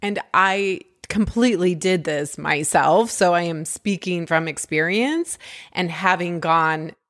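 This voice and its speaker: A woman's voice: lowish voice, a little slow, a bit bright, no room sound, studio quality. A woman hosting a podcast as a business coach, talking in an upbeat, encouraging way with emphatic bursts. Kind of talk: casual conversational coaching chat.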